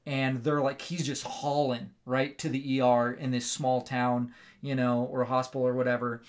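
Animated man rambling through a movie review. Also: medium pitch, moderate pace. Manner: animated rambling storytelling, lots of "like" and "right?". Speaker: movie review show host. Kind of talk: casual spoken movie review.

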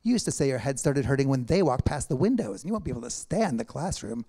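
A man reading aloud and voicing a practical, kindly hostess who speaks in a brisk, matter-of-fact way. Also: mid-range voice, sing-song, warm tone, husky.

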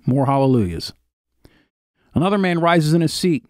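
A man with a fairly high-pitched voice narrates a video at normal speed, steadily reading an old written account aloud and stopping now and then for casual asides. The sound is clean studio quality with no echo.

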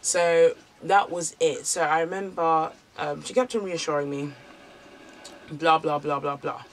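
A young woman vlogger casually tells a personal story in a candid, chatty way, using lots of filler words. Her voice sits low, with a steady tone and an unhurried delivery.

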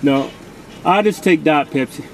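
A man's voice: fairly high pitch, measured pace, rough recording. A middle-aged man co-hosting, ordering food and trading curses and banter in a car at a drive-thru. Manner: profane and scolding. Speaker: co-host.

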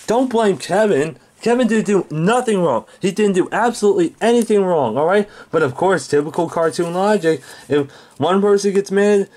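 A man's voice: high-pitched, lively intonation, moderate pace, hardly any pauses, darkish tone. A man reviewing a cartoon episode in an angry, exasperated rant full of swearing. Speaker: show reviewer.

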